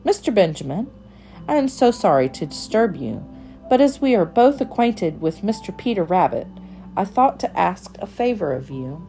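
A woman's voice: medium pitch, sing-song, moderate pace, warm tone, faint music behind, pitched above the performer's own voice. A woman voicing a fussy, very particular little female mouse, prim and proper in manner. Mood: polite.

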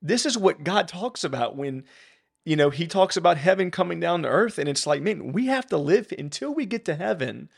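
A man's voice: on the high side, big pitch swings, normal speed, gravelly, husky. A man co-hosting a faith podcast, talking with fervent, rising emphasis. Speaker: podcast co-host.

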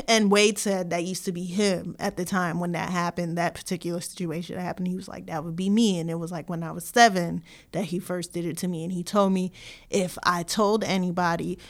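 A woman co-hosting a podcast, casually retelling a documentary in a rambling, animated way full of slang. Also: fairly low pitch. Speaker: podcast co-host. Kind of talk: casual chat.

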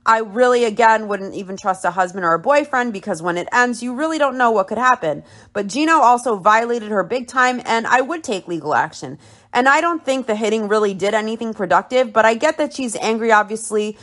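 Woman host for a casual recap podcast, a bit high-pitched, blunt and opinionated. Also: lively intonation, brisk, fairly bright tone. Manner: blunt, opinionated, swears freely.

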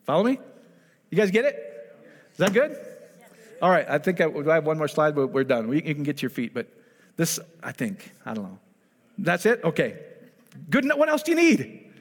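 A man preaching in a loose, animated way, his voice sitting a little higher than most men's. He keeps asking the room whether they follow him. His voice trails off into the long reverb of a church hall. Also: normal speed, long pauses. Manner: animated, keeps checking in with the audience. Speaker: pastor. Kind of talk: conversational sermon to a congregation.

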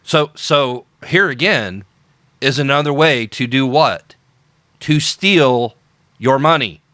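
A man talks through his political opinions on a podcast, sarcastic and emphatic, repeating his points for weight. His voice is bright and forceful, recorded close and dry with no room sound. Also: medium pitch, slow, no echo. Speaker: podcast host. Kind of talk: unscripted political commentary.

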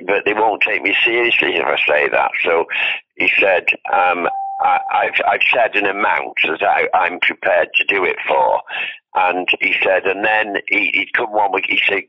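A man's voice: low voice, normal speed. An older man, an art dealer, telling long stories in a podcast interview, often restarting his sentences. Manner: rambling anecdotes with many restarts. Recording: dull lo-fi sound.

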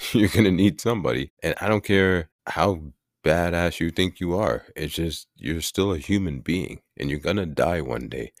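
A man's voice: low voice, normal speed, dry recording, studio quality. A man hosting a podcast, talking through current issues in a rambling, irritated monologue with frequent restarts. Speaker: podcast host. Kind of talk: casual opinion monologue.

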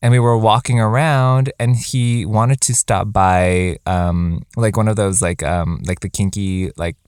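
Podcast co-host, young man, rambling animated storyteller, dry close mic. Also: fairly low pitch, measured pace, clean tone, no room sound. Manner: animated, quoting people in a raised voice; lots of likes and ums. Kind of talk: casual storytelling chat.

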